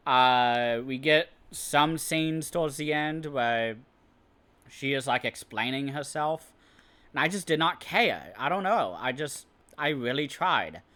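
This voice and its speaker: A man gives a casual, rambling spoken book review in a medium-pitched, pushed, bright voice. He hesitates often, restarts sentences, and keeps saying "I don't know."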